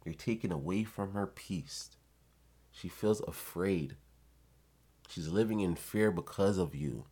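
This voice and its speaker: Guy ranting to camera, kinda low voice, swears a lot, preachy and blunt. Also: takes it slowly, dark tone, breathy edge. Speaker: vlogger giving advice. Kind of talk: casual rant to camera.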